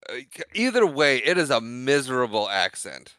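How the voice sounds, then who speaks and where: A man's voice: mid-range voice, big pitch swings, moderate pace, sharp tone, clean tone, no echo. A man co-hosting a podcast, recapping a film in casual, jokey chat. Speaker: podcast co-host.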